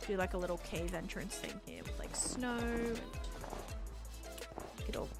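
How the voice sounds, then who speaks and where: A woman's voice: medium pitch, sing-song, normal speed, creaky, loud music behind the voice. A woman from Australia with an American accent that has Australian traces, chatting casually on a livestream while building in a game, rambling with lots of fillers.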